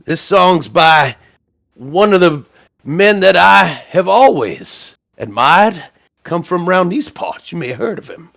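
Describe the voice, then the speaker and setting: Folksy undead bard, played by a man, high, swooping salesman drawl. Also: animated, slow, vocal fry, a bit bright, full character voice. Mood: wheedling. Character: folksy undead male bard, a smooth-talking trader.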